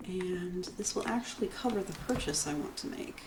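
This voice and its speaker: A woman's voice: fairly low pitch, animated, moderate pace, background noise. A woman hosting a let's play, chatting casually and explaining as she plays. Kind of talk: casual gameplay commentary. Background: game music.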